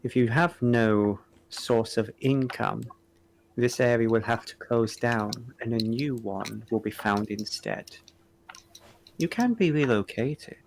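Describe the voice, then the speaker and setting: A man voicing three blank, emotionless collectors who speak in a flat monotone. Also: mid-range voice, takes it slowly, slight background noise. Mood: cold, flat.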